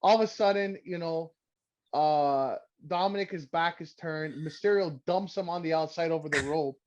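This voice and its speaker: A man's voice: fairly high pitch, moderate pace, darkish tone. A man co-hosting a casual podcast, rambling and sarcastic, cursing freely. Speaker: podcast co-host. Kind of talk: casual wrestling recap chat. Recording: dull lo-fi sound.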